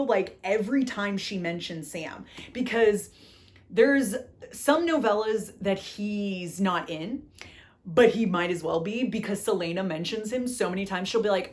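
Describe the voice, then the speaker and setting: A young woman talks through her recent reads in a loose, chatty way at home. She gushes and fumes by turns, circles back to the same phrases, and fills her talk with "like". Her voice sits at an ordinary middle pitch for a woman. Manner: gushing and exasperated, repeats herself, lots of "like". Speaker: book vlogger. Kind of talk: casual book review chat.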